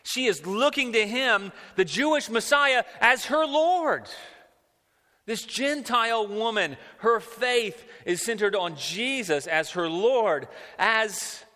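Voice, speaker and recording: A man preaching a sermon in an animated way, asking rhetorical questions and often repeating words. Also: high voice, takes it slowly. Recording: long hall reverb.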